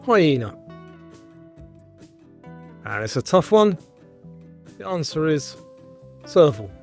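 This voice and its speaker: Male quiz host, animated delivery, measured question reading. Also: a little high, faint music behind. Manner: reads questions and answer choices in a clear, measured way. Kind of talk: scripted quiz show presenting.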